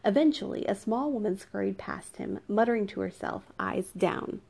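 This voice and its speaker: Gravelly, warm woman reading a novel. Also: medium pitch, normal speed. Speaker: audiobook narrator. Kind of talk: scripted narration.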